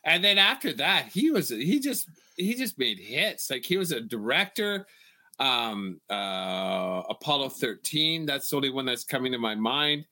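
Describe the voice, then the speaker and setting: This is a man from Canada co-hosting a sports podcast, with a loose, laughing and profane way of talking. His voice sounds forceful and bright. He rambles casually through the conversation. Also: mid-range voice, very animated, measured pace. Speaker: podcast co-host.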